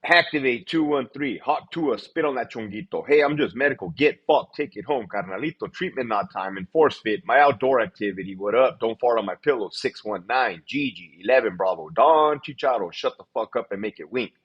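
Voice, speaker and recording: A man hosting a casual livestream, blunt and profane, rattling through shout-outs in a quick list. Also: medium pitch, animated, husky, dull audio. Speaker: livestream host.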